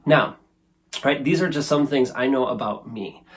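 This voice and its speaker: A man's voice: mid-range voice, moderate pace, slight background noise. A man in his thirties hosting a casual self-help talk to camera, earnest and conversational, often tagging sentences with "right?". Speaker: show host. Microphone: camera facing speaker.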